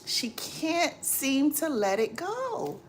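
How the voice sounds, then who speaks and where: Woman livestream host, high-ish voice, slow exasperated delivery, faint hiss behind. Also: big pitch swings. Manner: preachy, exasperated, repeats herself. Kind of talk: casual live chat, advice to viewers.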